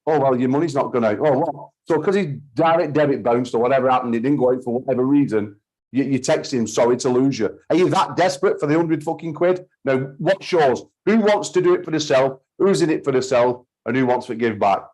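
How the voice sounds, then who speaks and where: A man's voice: medium pitch, expressive, fairly quick, darkish tone, rough recording. A man, host of a call-in talk show, ranting heatedly and swearing often. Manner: heated, sweary, repeats himself. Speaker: podcast host.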